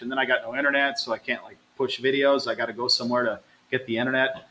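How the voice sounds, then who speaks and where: Bright-voiced upbeat travel vlogger. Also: male voice, medium pitch, level tone, quick pace, slight background noise, low-quality recording. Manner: chatty, upbeat, addresses viewers as "you guys". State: low energy, recovering from stomach trouble. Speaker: travel vlogger hosting a live stream. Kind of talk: casual live-stream chat reading viewer comments.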